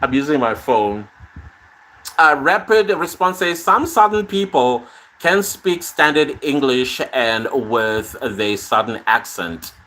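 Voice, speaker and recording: A man's voice: mid-range voice, animated, slow, a bit bright. A man hosting a casual live stream from his phone, reading viewer comments aloud and answering them in a conversational way.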